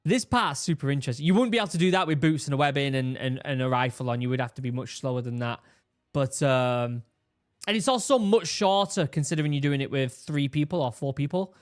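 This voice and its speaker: A man, a former marine giving casual, animated commentary while reacting to a training video, often restarting his sentences. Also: medium pitch, brisk. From England. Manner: animated, exclaiming, with repeated restarts.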